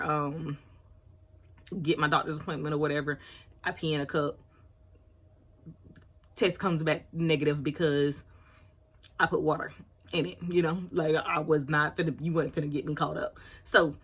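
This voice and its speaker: Low husky woman telling a storytime. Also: steady tone, moderate pace, long pauses. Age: around 30. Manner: candid, chatty, apologizes for oversharing. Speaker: vlogger. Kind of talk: storytime vlog.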